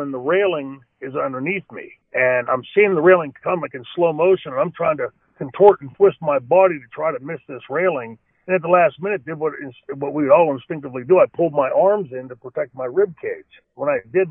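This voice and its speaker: A man's voice: medium pitch, no echo. Man rambling stories over a tinny line. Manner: rambling, frequent "you know" and restarts. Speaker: former pro wrestler telling stories. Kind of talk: storytelling interview answers. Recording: dry, tinny phone-like line.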